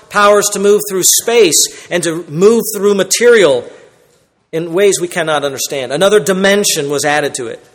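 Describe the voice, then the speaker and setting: A man preaching an emphatic sermon as a pastor, swinging between loud declarations and quiet asides. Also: sits high. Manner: emphatic preaching, rising and dropping in loudness. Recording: long reverb in a large hall.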